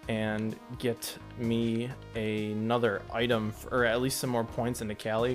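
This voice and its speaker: A man giving casual let's play commentary, thinking aloud and getting excited at close calls. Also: on the low side. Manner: chatty, excitable, thinks aloud about each move. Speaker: gameplay commentator.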